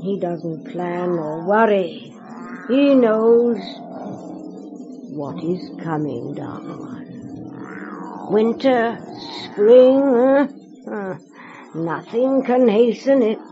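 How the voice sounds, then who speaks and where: Creepy old witch, super slow, singsongy and cryptic, muffled old radio play with hiss. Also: lively intonation. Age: older. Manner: slow, cryptic, sing-song, swooping pitch. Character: eerie old cottage witch, cryptic and teasing. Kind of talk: radio drama acting. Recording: muffled lo-fi recording with noise.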